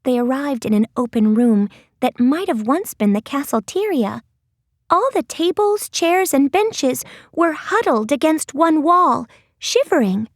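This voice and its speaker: A woman narrating an audiobook in a gentle, expressive storytelling voice. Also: sits high, a little slow, no room sound, clean studio sound. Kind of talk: scripted narration.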